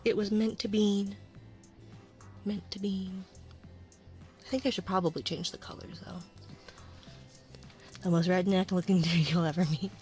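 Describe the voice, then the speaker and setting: A woman streamer chatting casually in an ASMR stream, rambling and often dropping into a soft whisper. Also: mid-range voice, fairly even intonation, a little slow, long pauses, faint music behind. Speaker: VTuber streamer.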